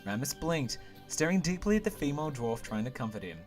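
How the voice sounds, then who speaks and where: A man's voice: medium pitch, very animated, fairly quick, soft background music. Bouncy jokey man narrating a game. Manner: bouncy, jokey, voices every character. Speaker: host and reader of a visual novel playthrough. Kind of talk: playful narration, reading aloud.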